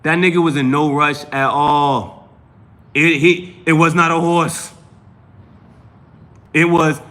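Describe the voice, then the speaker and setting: Male live-stream host, bright and fairly high voice, with profane, emphatic and rambling delivery. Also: fairly even intonation, takes it slowly, long pauses. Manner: repeats and restarts phrases. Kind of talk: casual live-stream talk.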